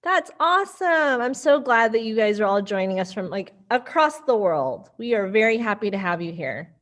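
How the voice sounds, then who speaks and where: A woman's voice: medium pitch, very animated, moderate pace, fairly bright tone. A woman hosting a virtual children's storytime as a librarian, upbeat and sing-song, speaking to little kids and their caregivers over a computer mic.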